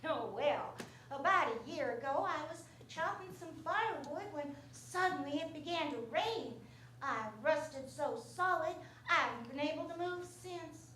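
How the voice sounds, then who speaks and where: Cast a woman as a wistful, gentle tin woman who sings; high voice, slow delivery, echoey stage. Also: expressive, slight background noise. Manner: sighing, wistful, sings show tunes. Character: gentle, sentimental tin woman without a heart. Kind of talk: live stage radio play with songs. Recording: echoey theater with loud piano.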